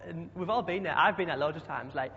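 A man's voice: on the high side, fast, slight background noise. A young man preaching a chatty sermon, often asking the congregation questions. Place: church hall. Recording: dull sound with long hall echo.

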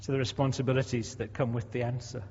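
Husky older man preaching in a hall. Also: mid-range voice, level tone, fast talker, darkish tone. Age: 60s. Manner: conversational, rhetorical questions, repeated words. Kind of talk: sermon. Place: church. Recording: dull echoey hall recording.

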